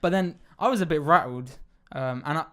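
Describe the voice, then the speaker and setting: A man's voice: a little high, fairly quick, fairly bright tone. A young man telling a rambling story in casual chat, with stammering restarts and frequent swearing. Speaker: podcast host.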